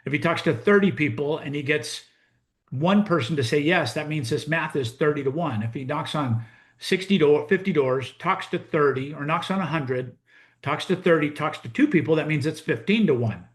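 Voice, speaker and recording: A man's voice: fairly high pitch, moderate pace. Middle-aged American male coach, storytelling monologue, voices both sides of a chat. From United States. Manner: animated, acts out both sides of a conversation. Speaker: real estate coach.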